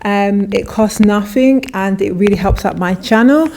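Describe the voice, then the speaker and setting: A woman's voice: mid-range voice, unhurried, a little mellow, a little hiss or hum. A woman vlogger talking casually and enthusiastically through a clothing try-on haul, often restarting her sentences. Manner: chatty, enthusiastic, with frequent restarts.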